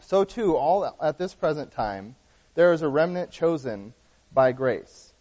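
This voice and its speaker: A man's voice: fairly high pitch, lively intonation, measured pace, darkish tone. A man preaching a sermon, teaching earnestly through a Bible passage and often restarting his sentences. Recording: dull lo-fi sound with long hall reverb.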